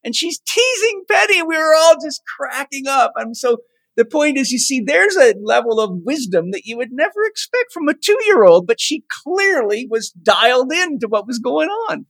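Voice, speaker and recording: A man's voice: extremely high pitch, normal speed, creaky, no room sound. Man telling a story in a dry room. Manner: animated anecdote-telling, fond. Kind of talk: casual chat, storytelling.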